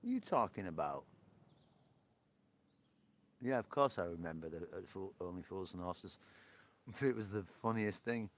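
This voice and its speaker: On an outdoor porch, a man hosts a live stream, chatting casually with viewers and often joking and laughing. His low voice is expressive, moving at a normal speed with long pauses.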